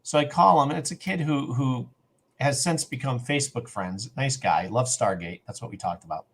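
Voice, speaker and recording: A man's voice: mid-range voice, normal speed, fairly bright tone, slightly rough. A middle-aged man telling a long personal story on a podcast, acting out the other people's lines as he goes. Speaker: podcast co-host. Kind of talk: casual storytelling.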